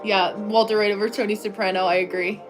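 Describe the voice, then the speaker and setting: A woman's voice: mid-range voice, little pitch movement, fast, faint music behind. A woman from the United States hosting a casual live stream from her home desk, chatting loosely with viewers, full of "like" fillers and frequent laughs. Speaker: livestream host.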